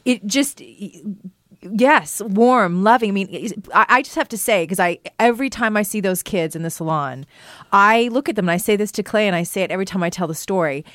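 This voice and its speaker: A woman host speaks emphatically, piling on warm affirmations with real conviction. Her pitch sits in the middle of the range. The sound is dry and close. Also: fairly quick, dry recording. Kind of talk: casual podcast chat.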